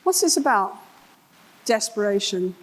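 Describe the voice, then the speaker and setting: A woman's voice: mid-range voice, measured pace, slightly rough, low-quality recording. An older English woman, a therapist, giving a conference talk, telling case stories and acting out the voices of the people in them. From England. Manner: animated, acts out voices in her stories. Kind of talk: conference keynote storytelling. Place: conference hall.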